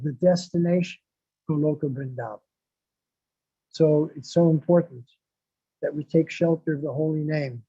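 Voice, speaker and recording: In a dry, dull lo-fi recording, a man preaches a devotional sermon in a warm, husky voice of fairly high pitch. He repeats phrases for emphasis and recites verses in Sanskrit.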